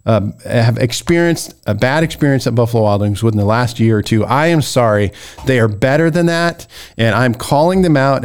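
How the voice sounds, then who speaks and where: Animated rambling American man ranting. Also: medium pitch. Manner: animated, rambling, gets worked up. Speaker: podcast host. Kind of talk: casual ranting commentary.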